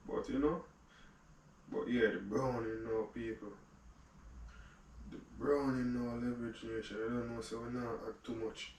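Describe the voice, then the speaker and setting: Slow-talking Jamaican man cooking at home. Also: mid-range voice, steady tone, a little mellow. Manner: easygoing, talks to viewers while cooking. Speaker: cooking vlogger. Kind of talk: casual cooking chat. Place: home kitchen. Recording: roomy, far from mic, background noise.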